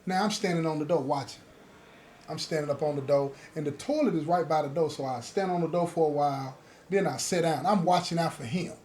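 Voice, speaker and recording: A man with a fairly high voice tells a story from his own life in a loose, conversational way. He talks straight to his listeners and keeps checking that they follow him. He brings the other people in his story to life as he goes. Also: a little fast, a little mellow, slight background noise. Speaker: host telling his own prison stories. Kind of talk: casual spoken storytelling.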